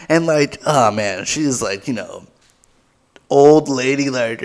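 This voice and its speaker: A man's voice: medium pitch, a little slow. Rambling comic podcast host, a man. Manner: rambling, filler-heavy, self-mocking. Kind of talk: comedic storytelling.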